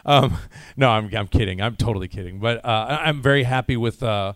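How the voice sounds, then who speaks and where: An American voice actor with a mid-range voice answers fan questions briskly during a casual panel Q&A. Slightly jet lagged, he rambles and chats with plenty of fillers and restarts, and there's no echo.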